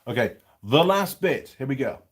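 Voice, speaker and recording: A middle-aged man talks in a loose, rambling way as he hosts a casual food vlog. His pitch bounces up and down a lot as he reads out viewer comments between bites. He sounds like he is close to the camera's mic. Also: sing-song, normal speed. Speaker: channel host reviewing pies. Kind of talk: casual live-chat vlog.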